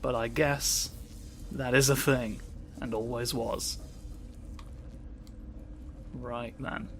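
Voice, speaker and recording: A man's voice: mid-range voice, little pitch movement, extremely slow, slight background noise. A man giving sardonic gameplay commentary, grumbling and swearing at the game. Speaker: let's play commentator.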